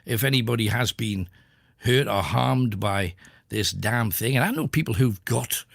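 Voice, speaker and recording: Gravelly, husky-voiced male radio host. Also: medium pitch, lively intonation, a little slow, no room sound, studio quality. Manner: questioning, rambling, emphatic. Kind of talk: opinionated radio monologue.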